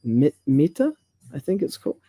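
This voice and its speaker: A man, chatting casually about language and reading passages aloud with halting restarts. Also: a little high, sing-song, mellow, no room sound.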